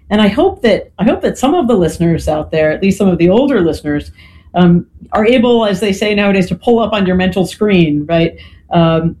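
A guest explaining history in a lecturing, conversational way, often checking in with "right?" and filling pauses with "you know". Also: mid-range voice, warm tone, slight background noise, poor audio.

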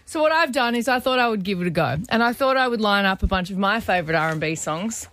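A woman's voice: medium pitch, expressive, fast, fairly bright tone. A woman with an Australian accent co-hosting breakfast radio, chatty and emphatic with a giggly edge, on a studio microphone. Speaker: radio co-host.

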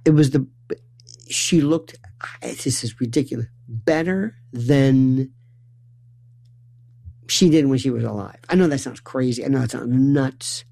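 A man from New York telling a comic family story, acting out voices with stammering restarts and lively swings. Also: mid-range voice, unhurried, vocal fry, pauses often.

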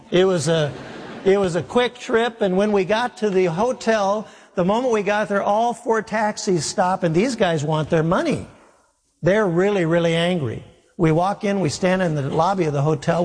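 Animated preacher telling a story. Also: male voice, sits high. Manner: humorous, animated anecdote with acted-out dialogue. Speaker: pastor. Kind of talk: sermon storytelling. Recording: long reverb of a large hall.

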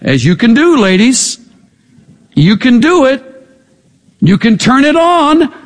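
A male pastor with a high voice that leaps all over the place, preaching with animated emphasis and pointed rhetorical questions. The sermon rings out through a large hall with long reverb. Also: slow pace. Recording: echoey hall.

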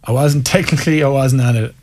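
A man from County Mayo, Ireland, speaks with an Irish accent in a medium-pitched, darkish voice at a slightly quick pace. He's a former Gaelic footballer appearing as a guest, telling candid, self-mocking stories and reflecting openly in conversation.

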